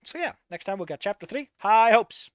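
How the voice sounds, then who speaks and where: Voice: medium pitch, expressive, a little fast, no room sound. A person reading a fan story aloud and breaking off for sarcastic, swearing commentary. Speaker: fanfic reader and reviewer.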